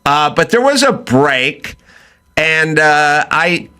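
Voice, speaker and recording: A middle-aged man hosting a chat show, telling a story in a loose, animated way and acting out both sides of the quoted talk. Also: on the high side, slow pace, smooth. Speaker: podcast host.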